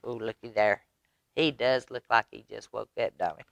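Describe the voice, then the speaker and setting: A woman reading a story aloud to children at storytime, with gentle animated asides. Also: extremely low pitch, measured pace, smooth, no echo.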